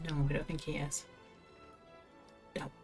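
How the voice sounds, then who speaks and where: A woman's voice: low-pitched, completely flat delivery, measured pace, darkish tone, faint music behind. A woman streaming a video game, chatting casually, laughing to herself and reading quest text aloud. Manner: chatty, giggly, talks to herself.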